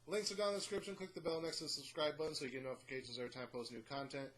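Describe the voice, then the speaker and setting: A man's voice: on the high side, steady tone, very fast, fairly bright tone, poor audio. A man hosting his own channel and recapping a film in a blunt, irreverent way, with lots of casual fillers. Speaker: movie review host. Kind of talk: casual spoken movie review.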